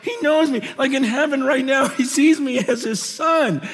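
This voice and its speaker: A man preaching from a stage, telling personal stories with passion, restarting and repeating himself, moving between loud bursts and hushed asides. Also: extremely high pitch, normal speed. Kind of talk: sermon storytelling. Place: on a stage in a large hall. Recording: long reverb of a large hall.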